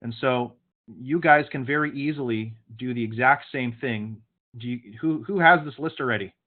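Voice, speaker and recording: A man's voice: mid-range voice, moderate pace. Male sales trainer, direct and occasionally scolding, over a tinny call line. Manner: coaching, direct, sometimes stern. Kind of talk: online training session. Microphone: video call. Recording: phone-like video call audio.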